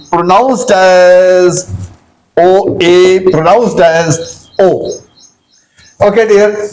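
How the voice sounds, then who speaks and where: A man teaching English pronunciation, repeating sounds slowly and giving Hindi meanings. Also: high-pitched, a little mellow, rough recording. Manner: slow, repetitive drilling of sounds, mixing Hindi glosses. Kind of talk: pronunciation lesson.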